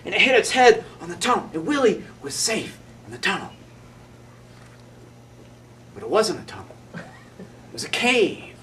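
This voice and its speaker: Animated man telling a children's story. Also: sits high, unhurried, pauses often. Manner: dramatic, with gasps and sound effects. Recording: distant mic with faint noise.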